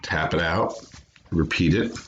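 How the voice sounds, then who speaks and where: A man's voice: deep voice, a little slow, a bit bright, dull audio, a little hiss or hum. A man teaching a remote phonics lesson to children, patiently sounding out words and syllables. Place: home, away from classroom.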